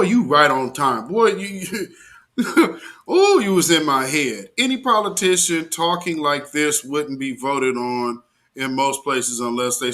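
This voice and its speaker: Bright-voiced man hosting a live stream. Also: mid-range voice. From American South. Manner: excited, talks back to a played clip. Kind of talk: casual live commentary.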